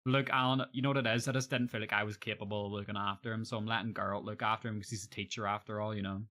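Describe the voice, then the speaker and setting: Bright-voiced young lad streaming. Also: male voice, lowish voice, level tone, racing. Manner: joking, profane, chatty. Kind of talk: casual live-stream chat.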